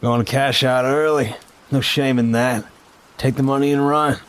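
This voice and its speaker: A man playing a smug, high-ranking older official who pries and brags. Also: steady tone, moderate pace, smooth, close to an everyday voice. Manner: smug, prying.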